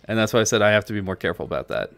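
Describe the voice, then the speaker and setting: A man's voice: on the low side, big pitch swings, very fast, creaky, a bit bright, no room sound. A man from New York, chatting casually with viewers as he live-streams a strategy game and answers their messages. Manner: chatty, answers chat between moves.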